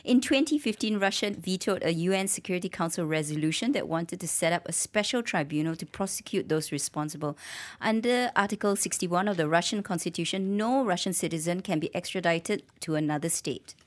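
A woman's voice: fairly low pitch, fairly quick. A woman co-hosting a business radio show, reading out facts plainly with a few small slips. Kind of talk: business news radio chat.

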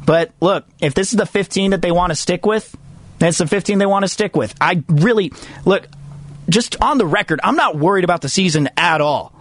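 A man's voice: high-pitched, fairly quick, fairly bright tone. A man hosting a sports talk segment, talking casually and emphatically with jokey asides. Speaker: sports radio host.

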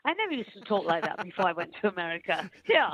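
A woman from Wales, giving animated, opinionated commentary and laughing often, heard down a phone line. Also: on the low side, racing. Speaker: guest commentator. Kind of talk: chatty phone interview.

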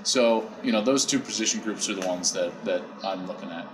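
A man, a football analyst, answering interview questions in a measured, explanatory way, recorded poolside at a hotel. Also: low voice, poor audio.

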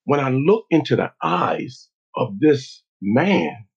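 A man, a motivational speaker, telling a personal story in a slow, deliberate, dramatic way. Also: medium pitch, very animated, vocal fry, slightly rough. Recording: dull lo-fi recording.

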